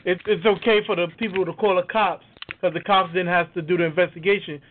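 A man's voice: high-pitched, steady tone, fast, slight background noise. A man co-hosting a podcast, making an earnest point in casual chat. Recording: tinny phone line, a bit distant.

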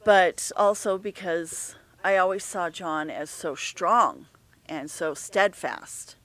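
A middle-aged woman talking openly and earnestly in a candid conversation, often halting and restarting her sentences. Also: lowish voice, a bit bright.

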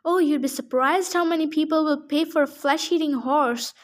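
A smug, greedy three-bodied monster rancher, as a woman reading a storybook aloud puts him on, all smooth sales patter and dismissive asides. The voice sits high in pitch. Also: moderate pace, natural voice.

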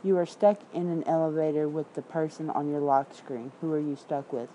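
A low, very dark and mellow-voiced woman from Memphis speaks with a Southern accent. She chats loosely and bluntly to her viewers, tossing in curses and quick asides between the headlines she reads out. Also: steady tone, dull audio, a little hiss or hum. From Memphis, Tennessee. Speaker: independent writer streaming to viewers. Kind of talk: casual livestream chat.

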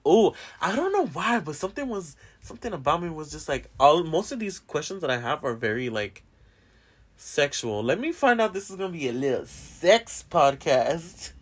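A man's voice: on the high side, very animated, normal speed, husky. A young man hosting a podcast in casual chat, rambling and swearing a lot and often laughing. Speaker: podcast host.

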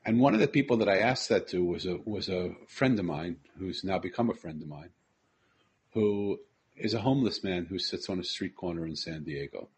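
A man's voice: deep voice, moderate pace, breathy edge. A man earnestly telling a personal story, repeating phrases and quoting the people he met.

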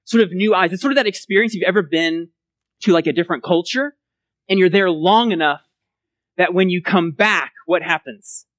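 Preacher, from Texas, conversational sermon, animated pitch, dry close sound. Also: no echo. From Texas, USA. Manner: animated and conversational, often asks "right?". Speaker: pastor.

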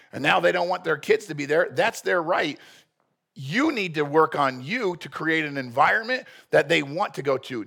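A man's voice: on the high side, vocal fry, bright, forceful tone, slightly rough. A male pastor preaching a sermon in a blunt, earnest, joking manner.

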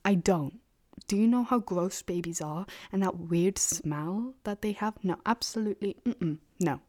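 A woman's voice: medium pitch, a little slow, darkish tone. A young woman hosting a solo podcast, rambling bluntly and sarcastically and often dropping into a half-whisper. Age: young adult. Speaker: podcast host. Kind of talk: casual solo podcast monologue.

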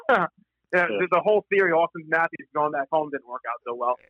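Man, fairly high voice, halting hockey chat, dry dull sound. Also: expressive, no room sound. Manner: halting, many restarts. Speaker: hockey podcast panelist. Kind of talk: casual sports chat.

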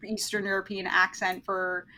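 A woman's voice: medium pitch, level tone, moderate pace, bright, forceful tone, low-quality recording. A woman hosting a podcast, recapping a film in casual chat, blunt and opinionated and swearing freely. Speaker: podcast host.

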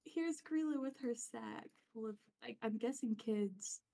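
A woman co-hosting a casual podcast, describing pictures in a halting, giggly way. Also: fairly high pitch, vocal fry, warm tone. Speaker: podcast co-host. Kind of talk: casual chat.

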